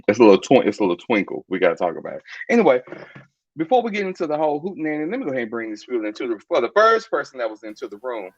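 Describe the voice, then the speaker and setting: A man's voice: medium pitch, very animated, rapid-fire, no echo, lo-fi sound. A man hosting a podcast over a video call, chatting in a campy, playful way. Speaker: podcast host. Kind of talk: casual chat.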